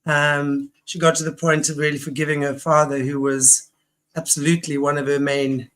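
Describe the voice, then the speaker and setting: A woman's voice: deep voice, flat delivery, moderate pace. A woman hosting an online talk show, rambling and enthusiastic with many restarts. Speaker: host. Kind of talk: casual online show chat.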